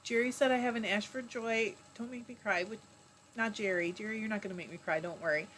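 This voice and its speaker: A woman's voice: medium pitch, fairly quick, slight background noise. Chatty woman host reading comments. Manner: chatty, warm-hearted, laughs often, breaks off mid-word. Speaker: livestream host. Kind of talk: casual chat reading viewer comments aloud.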